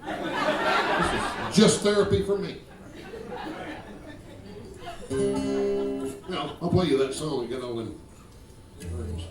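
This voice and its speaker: On a comedy club stage, a fifties-aged man works the crowd in a profane stand-up set, ribbing the audience and telling drawling stories. His fairly high voice swoops wildly in pitch, and he takes it slowly with long pauses. The distant, roomy club recording carries guitar and laughter behind him.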